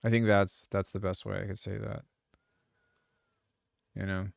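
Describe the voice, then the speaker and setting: A man's voice: fairly low pitch, little pitch movement, a little slow, vocal fry, dry recording, studio quality. A man who produces music, chatting casually on a live stream, rambling and swearing freely with lots of restarts. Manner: rambling, profane, frequent restarts.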